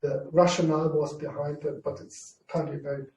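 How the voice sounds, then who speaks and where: A man teaching Greek to a class, explaining rules in halting phrases and often repeating himself. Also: a little high, flat delivery, darkish tone, a little hiss or hum. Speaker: Greek lecturer. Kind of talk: university class discussion. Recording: roomy, distant mic.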